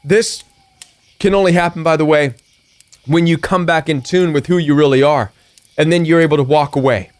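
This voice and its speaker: A man's voice: fairly high pitch, steady tone, moderate pace. A middle-aged man giving a preachy, emphatic motivational talk as a coach, acting out defiant retorts. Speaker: recovery coach.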